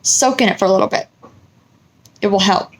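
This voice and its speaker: A middle-aged woman vlogger telling a story in a casual, animated way, acting out what people said with exasperation. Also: medium pitch, brisk. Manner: animated, exasperated retelling with quoted dialogue.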